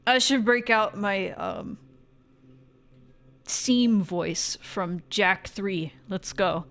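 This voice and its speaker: A woman's voice: mid-range voice, big pitch swings, drawn-out words, vocal fry, pauses often. A woman streaming a game, joking around and reading its dialogue aloud. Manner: playful, jokey, reacts loudly. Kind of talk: let's play commentary, reading dialogue aloud.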